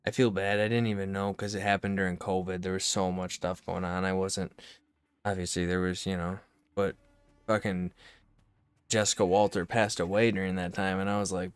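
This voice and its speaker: A young male streamer rambles and rants, with profanity in every other line. His voice sits low and relaxed until a point gets him going. The sound is dry and close on a desk mic. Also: fairly quick, clear, resonant tone, no room sound. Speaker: gaming streamer. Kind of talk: casual streaming rant.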